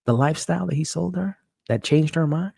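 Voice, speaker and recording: A man hosting a live-stream recap of a TV episode, talking excitably and stumbling over repeated words as he restarts his sentences. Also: a little high, a little fast, gravelly, breathy edge, dry recording. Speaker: show host. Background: dog.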